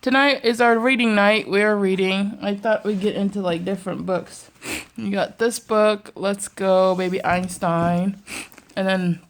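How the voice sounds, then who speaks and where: A woman's voice: mid-range voice, fairly even intonation, unhurried. A young mother at home in her bedroom, talking to her toddler in coaxing, sing-song baby talk and often laughing. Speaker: vlogger mother.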